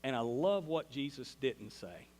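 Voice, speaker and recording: A man's voice: medium pitch, expressive, unhurried, a little mellow. A man with a Southern US accent preaching a sermon, telling a Bible story in a folksy way. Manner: folksy storytelling, acts out quoted voices. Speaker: pastor. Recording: long hall reverb.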